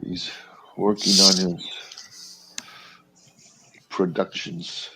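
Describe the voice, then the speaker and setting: A man's voice: low voice, little pitch movement, very slow, heavy background noise. A man in a casual group chat, teasing the others with dry humor.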